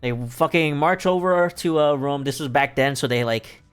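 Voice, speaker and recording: A man's voice: fairly high pitch, moderate pace, smooth. A young adult man streaming from home, retelling a story in a rambling, casual way, swearing freely and laughing as he goes. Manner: rambling, swearing, laughing asides, many fillers. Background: faint music.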